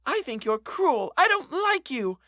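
A shrill little girl, hard and sulky, her voice jumping far above the reader's own, as a man puts her on. Her lines sound dry and close, with no room around them. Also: very animated, a little slow, bright, forceful tone, no room sound, full character voice. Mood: cold, defiant.

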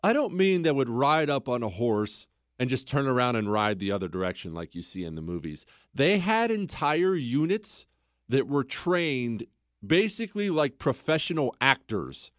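A man's voice: mid-range voice, very animated, moderate pace, fairly bright tone, no echo. Casual storytelling man, dry voice. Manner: conversational, rhetorical questions. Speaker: podcast host.

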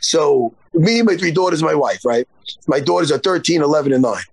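A man's voice: a little high, lively intonation, a little fast, vocal fry, husky, no room sound. A man in his forties, a jiu-jitsu instructor, telling a story in casual podcast chat and swearing freely. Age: 40s.

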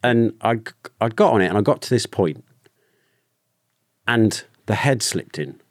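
A British man, a former soldier, telling a personal story openly in a podcast conversation, with halting restarts. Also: on the low side, expressive, dry recording, clean studio sound. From Britain. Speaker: guest, ex-soldier.

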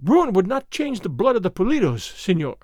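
A man's voice: high voice, sing-song, normal speed, darkish tone, no room sound, clean studio sound. A man reading a storybook, voicing a proud, fiery young noblewoman with haughty indignation. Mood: indignant.

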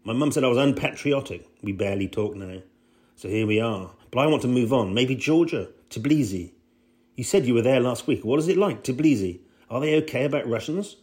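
A man's voice: medium pitch, animated, fairly quick, darkish tone, close to an everyday voice. Male reader as an impassioned, homesick Russian man, read straight with no put-on voice.

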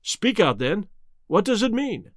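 A man's voice: high voice, very animated, unhurried, no echo, voice pushed up, exaggerated voice. Male narrator as a commanding baronet, stern and demanding, audiobook; dry close sound.

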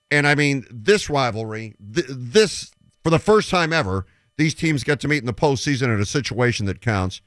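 A man's voice: mid-range voice, a bit bright, no echo, studio quality. A man hosting sports talk radio, making emphatic predictions and retelling stories with quoted dialogue.

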